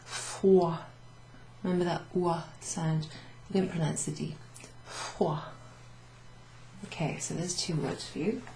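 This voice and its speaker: Woman language teacher, low and unhurried, echoey room with faint hiss. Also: steady tone. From Wales. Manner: slow, patient explaining, switching between English and French. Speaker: French teacher. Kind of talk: relaxed classroom recap lesson.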